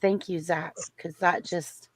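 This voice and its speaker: A woman hosting a casual panel chat who gently encourages people and hands out turns. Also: on the low side, steady tone, slow pace, a little hiss or hum. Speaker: host.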